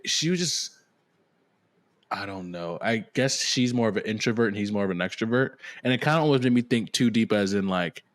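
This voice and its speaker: A man's voice: fairly low pitch, animated, a little fast, no echo. A man co-hosting a podcast in casual chat, laid-back, laughing and swearing easily. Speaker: podcast co-host.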